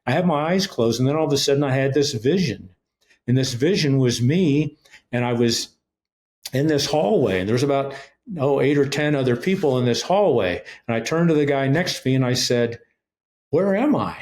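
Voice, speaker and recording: A man's voice: mid-range voice, a little fast, a little mellow. A middle-aged man, a ministry leader and interview guest, earnestly telling his personal testimony and acting out the dialogue as he goes. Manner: earnest storyteller, retells events with quoted dialogue.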